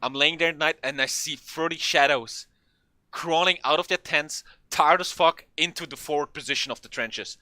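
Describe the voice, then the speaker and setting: A young man telling a funny story in a casual, animated way, swearing often and acting out what people said. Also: on the high side, moderate pace, dry recording. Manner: animated, swearing, acts out quotes in a raised voice. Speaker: vlogger.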